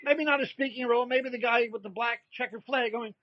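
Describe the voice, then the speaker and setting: A man in his sixties, a comedian guest, telling stories in a lively way and acting out the people in them. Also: very high voice, fairly quick, no echo, dull audio. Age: 60s. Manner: animated anecdote-telling, acts out quoted voices. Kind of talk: storytelling in a casual interview.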